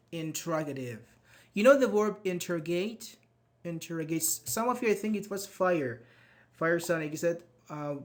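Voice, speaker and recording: A man teaching a live online English grammar class, patiently reading out students' chat answers and praising them. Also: a little high.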